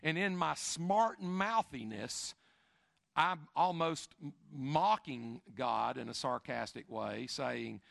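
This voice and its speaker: A middle-aged pastor preaching with a gravelly, fairly high voice that rises and falls a great deal. He drops to hushed asides and then builds to loud, emphatic bursts. The sound is close and dry. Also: animated, takes it slowly, dry recording. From Chattanooga, Tennessee. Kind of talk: sermon storytelling.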